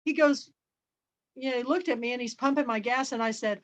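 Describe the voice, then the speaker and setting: A middle-aged woman from Kansas hosting a club chat, telling a story in a lively, chatty way over a video call. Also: high-pitched, a little fast. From Kansas, USA. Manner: chatty, lively storyteller who acts out dialogue. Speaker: book and film club host. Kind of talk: casual chat with anecdotes. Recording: dull, muffled audio.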